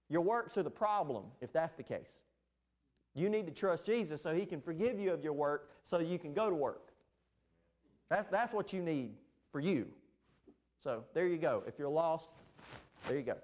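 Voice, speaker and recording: A man preaching a sermon as pastor, emphatic, with sharp rises and drops in his voice. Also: on the high side. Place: church sanctuary.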